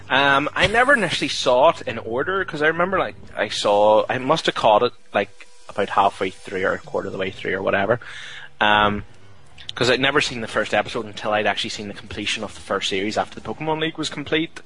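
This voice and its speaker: A man's voice: on the low side, bright, forceful tone. A man with a Northern Irish accent co-hosting a podcast, teasing his partner and steering the chat back on topic. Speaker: podcast co-host. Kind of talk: casual chat.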